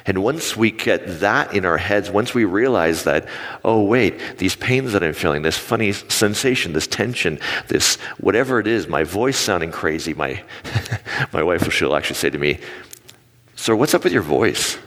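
Deep-voiced preacher in a reverberant hall. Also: male voice, normal speed. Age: 40s. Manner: animated storytelling with acted-out quotes. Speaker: pastor. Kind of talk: sermon.

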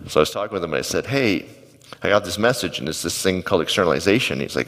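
A pastor with a fairly low voice gives a conversational sermon in a church auditorium. He tells stories and throws questions out to the congregation. His voice rings with a long hall reverb. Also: very animated, quick pace, a bit bright. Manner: conversational storytelling with asides to the congregation.

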